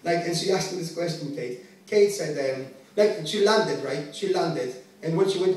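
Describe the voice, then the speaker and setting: A man in his late twenties doing a stand-up set from a club stage, with brash, profane, animated storytelling. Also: fairly high pitch, normal speed. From Greek family. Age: late 20s. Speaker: stand-up comedian. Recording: echoey venue heard from a distance. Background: audience laughter.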